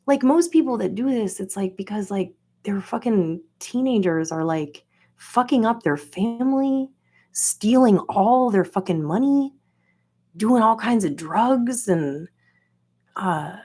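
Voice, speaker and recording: Woman podcast host from Florida: unhurried, higher-pitched, rambling, profane, venting. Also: very animated, husky. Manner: rambling and profane, heavy use of filler words; venting, incredulous. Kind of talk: casual personal monologue.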